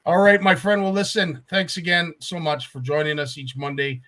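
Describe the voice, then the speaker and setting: Guy hosting a live fishing stream, reading comments, friendly quick replies. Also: a little high, steady tone, sharp tone, a little hiss or hum. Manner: brief encouraging interjections, reads viewer comments. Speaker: host.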